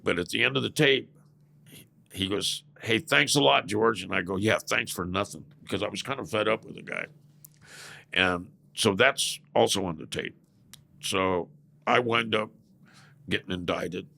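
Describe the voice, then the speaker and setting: A man's voice: sits low, moderate pace, gravelly, long pauses, pushed and bright. An older man from California, a podcast guest telling blunt, profane stories in a casual interview and chuckling as he goes.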